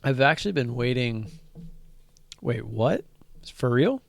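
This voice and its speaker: A man's voice: medium pitch, very animated, takes it slowly, vocal fry. A man hosting a casual stock trading live stream, rambling with frequent fillers and restarts.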